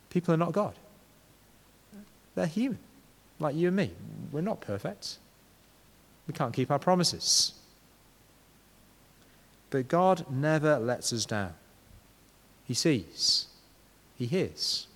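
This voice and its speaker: A man preaching a sermon, speaking conversationally and turning to his listeners with frequent rhetorical questions. His voice carries a long hall reverb, as if recorded in a large church. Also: on the high side.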